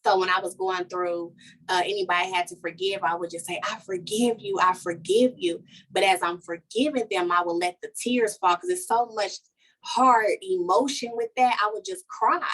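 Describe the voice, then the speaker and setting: A woman, speaking as a coach on a podcast. She tells her story with energy and feeling, her voice rising high when she acts out what she said, and she talks straight to the listeners. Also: steady tone, normal speed, a bit bright. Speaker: podcast guest, life coach. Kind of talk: casual podcast conversation, personal testimony.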